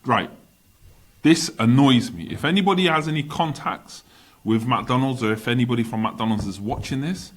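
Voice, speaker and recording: A man's voice: medium pitch, normal speed. A man co-hosting a casual podcast, opinionated and slangy. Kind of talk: casual chat.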